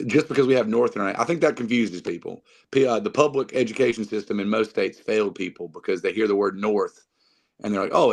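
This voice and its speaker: A guest musician with a North Carolina Southern accent rambles through a casual podcast chat, full of fillers and restarts. His voice is on the low side and gravelly.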